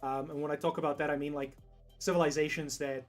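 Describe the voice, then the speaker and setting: A man's voice: on the high side, little pitch movement, quick pace, soft background music. A young man with a South African accent chatting casually on a livestream, rambling, laughing often and swearing freely. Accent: South African English. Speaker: streamer.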